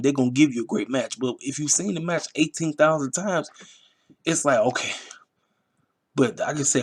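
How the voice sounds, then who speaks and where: A man in the middle of his pitch range rants through a wrestling recap. His talk is casual and rambling, full of emphatic repeats and street slang. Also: breathy edge. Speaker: wrestling review channel host. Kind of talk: casual commentary.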